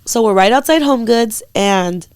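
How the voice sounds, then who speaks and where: A young woman co-hosting a podcast, telling a long story in a casual, animated way, swearing freely and acting out what other people said. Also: a little high, a little slow, clean tone, dry recording. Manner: animated, swears freely, acts out quoted voices. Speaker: podcast co-host.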